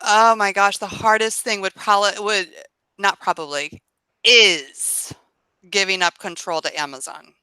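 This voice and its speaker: A woman's voice: mid-range voice, fairly even intonation, unhurried, sharp tone, clear, resonant tone, dry recording. A woman co-hosting a podcast over a remote call, chatting casually and rambling with frequent laughs. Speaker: podcast co-host and online reseller. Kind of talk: casual chat.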